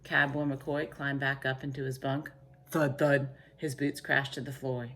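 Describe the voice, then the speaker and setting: A woman with a low, deep voice reads a picture book aloud to a child. She reads with lively expression, warm pacing and plenty of colour. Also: normal speed, slight background noise. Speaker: storyteller.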